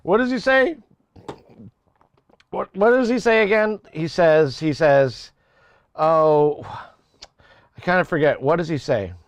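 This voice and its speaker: A man's voice: a little high, slow, pauses often, no room sound. A young man casually chatting on a live music-production stream, rambling, swearing and laughing at his own jokes. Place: home studio.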